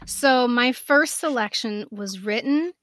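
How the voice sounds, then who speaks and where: A woman in her fifties co-hosting a casual podcast chat, telling stories with animated swings from soft to loud. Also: a little high, takes it slowly, dry recording. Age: 50s. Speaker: podcast co-host.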